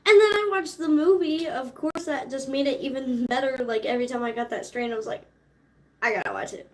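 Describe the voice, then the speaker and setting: A woman's voice: high-pitched, brisk. A woman in her twenties chatting casually with viewers, laid-back and slangy, laughing often. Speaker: streamer. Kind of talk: casual chat.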